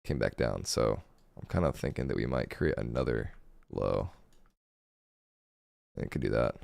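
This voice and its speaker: A man with a hoarse, gravelly voice giving casual live commentary while day trading, thinking aloud over his charts. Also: rumbling low, normal speed, darkish tone, no echo, studio quality. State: hoarse, voice going.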